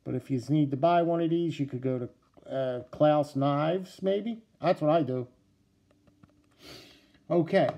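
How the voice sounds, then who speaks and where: A man with a New Jersey accent, talking casually to camera about his knife collection, halting with many fillers and restarts. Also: on the high side, creaky, warm tone.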